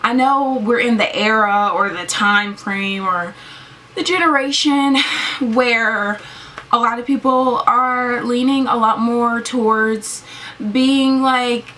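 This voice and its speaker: A woman's voice: fairly high pitch, slow, sharp tone, slight background noise. A young woman vlogger ranting casually to camera, filling her talk with "like". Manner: ranting, heavy use of "like". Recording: slightly distant mic.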